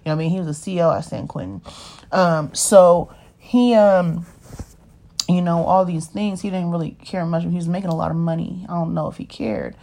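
A woman's voice: fairly low pitch, fairly even intonation, normal speed, creaky, mellow. A woman, telling her life story in a rambling, casual way and often asking "you know what I mean?". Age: 30s. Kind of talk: casual personal monologue.

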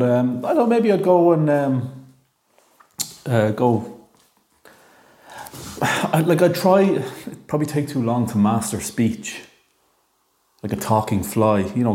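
A man's voice: mid-range voice, dark tone. An Irish man in his thirties telling a rambling, jokey monologue, hesitant and full of ums. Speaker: monologue talker. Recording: echoey room.

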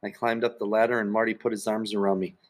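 A man's voice: on the low side, little pitch movement, quick pace. Male storyteller reading a children's book. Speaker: audiobook narrator. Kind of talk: first-person storybook narration.

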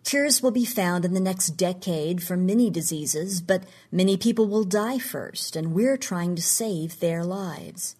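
A calm, measured male scientist explains himself in a steady, level way, voiced by a woman narrator. The voice is low and husky, with no hurry in it, like a composed man in a storybook reading. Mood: calm, explaining.

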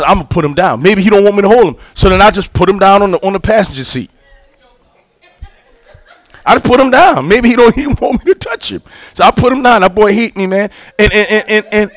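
Animated high-voiced preacher man. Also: no room sound, low-quality recording. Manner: animated, acts out scenes, repeats words when excited. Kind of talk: storytelling sermon.

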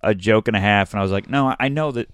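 A man's voice: fairly low pitch, fast, a bit bright, smooth, dry recording. A young man, a comedian and podcast co-host, telling a rambling, self-mocking story in casual chat and laughing often.

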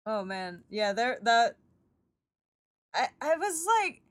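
Casual podcast co-host, woman, slightly high pitch, rambling and giggly delivery. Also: animated, slow, long pauses. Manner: rambling, giggly, lots of fillers. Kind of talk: casual chat about a TV show.

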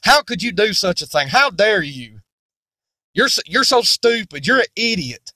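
A man's voice: high-pitched, very animated, unhurried, bright, forceful tone, no echo, pitched above the performer's own voice, full character voice. A male preacher voicing a harsh, scolding man who insults a disciple he feels let down by. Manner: contemptuous, insulting.

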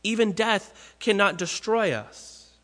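A man's voice: high-pitched, takes it slowly, a bit bright, big-room sound. A man preaching a sermon in an earnest, conversational way, often restarting phrases.

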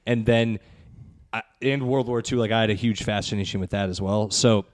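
Easygoing, chuckling podcast guest. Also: male voice, fairly low pitch, steady tone, a little fast. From Indiana. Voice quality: easygoing, laughs often. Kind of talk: casual chat.

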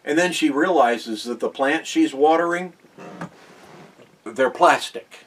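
A man's voice: on the high side, takes it slowly, a bit bright, distant mic, a little hiss or hum. An older man co-hosting a casual chat podcast, dropping joking, teasing asides. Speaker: podcast co-host.

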